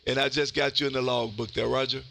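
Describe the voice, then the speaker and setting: A man hosting a ham radio stream, loud and folksy, calling out for contacts. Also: mid-range voice, little pitch movement, fast, creaky, very noisy. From Texas.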